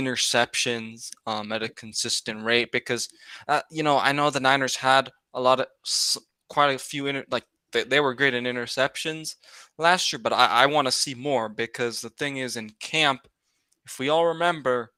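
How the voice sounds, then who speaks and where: A man's voice: medium pitch, steady tone, moderate pace, pushed and bright, smooth, no room sound. A man co-hosting a fan podcast, talking in a hesitant, stammering way, often breaking into laughter. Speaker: podcast co-host. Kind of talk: casual chat.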